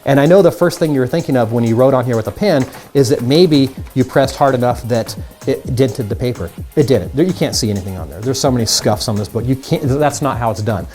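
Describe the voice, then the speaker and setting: Quick upbeat guy explaining magic tricks to viewers, faint music behind. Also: mid-range voice, darkish tone. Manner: upbeat, chatty, talks straight to the viewers. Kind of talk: casual magic tutorial.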